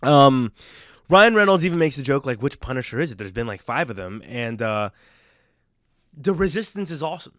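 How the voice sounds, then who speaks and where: A man's voice: mid-range voice, very animated, moderate pace, pauses often, fairly bright tone, dry recording, clean studio sound. A young man giving a casual, rambling movie review, enthusiastic and full of fillers and restarts.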